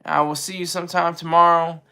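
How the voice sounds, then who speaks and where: A man's voice: fairly high pitch, level tone, fairly quick, vocal fry, bright, forceful tone, smooth. A man hosting a casual livestream, rambling and joking as he answers his chat. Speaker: livestream host.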